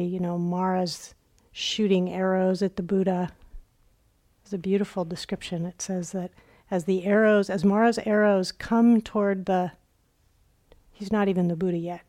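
A woman's voice: on the low side, mellow. A woman meditation teacher giving a dharma talk at a retreat center, telling stories reflectively and acting out quoted inner voices.

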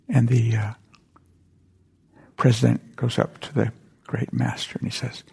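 An older man giving a dharma talk at a meditation center, telling stories in a halting, gentle way that often drops to a whisper. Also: medium pitch, fairly even intonation, gravelly, slightly rough. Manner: gentle, halting storytelling with frequent whispered asides. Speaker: meditation teacher.

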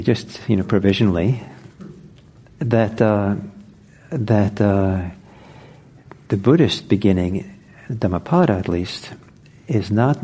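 Slow, husky-voiced man giving a dharma talk. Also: fairly low pitch, warm tone. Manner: unhurried, reflective, with frequent pauses and restarts. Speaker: meditation teacher. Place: meditation center.

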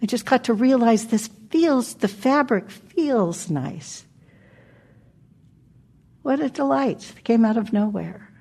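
An older woman giving a gentle, reflective dharma talk as a meditation teacher, pausing often and laughing softly. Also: a little high, animated, gravelly, husky. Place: meditation hall.

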